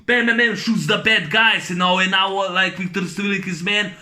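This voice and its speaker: A man giving a casual spoken film review, halting, with many ums and restarts, and blunt, with free swearing. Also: sits high, sharp tone. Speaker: movie reviewer.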